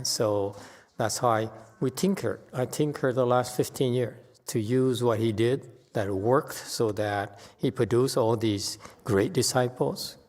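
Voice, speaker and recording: A middle-aged man giving an unscripted Dharma lecture, halting and full of fillers, bluntly stating his opinions. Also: medium pitch, a little mellow. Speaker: Buddhist teacher giving a Dharma talk. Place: temple hall. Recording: long hall reverb.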